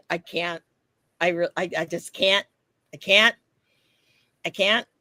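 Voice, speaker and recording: A woman with a mid-range voice, chatting casually on a podcast. She tells her story in an animated way, acts out every quote, and swears freely. The sound is dry and close to the mic. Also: mid-range voice, dry recording. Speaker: podcast co-host. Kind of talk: casual chat.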